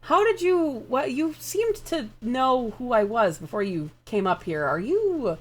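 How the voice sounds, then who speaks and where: A woman's voice: a little high, big pitch swings, unhurried, voice pushed up. A woman voicing a tall, middle-aged dock captain who is easygoing but stern and plain-spoken. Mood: wary.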